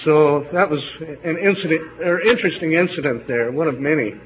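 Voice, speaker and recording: Older male preacher on a tinny recording. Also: fairly high pitch. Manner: halting, many uh fillers and restarts. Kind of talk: sermon. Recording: phone-like lo-fi recording with faint hiss.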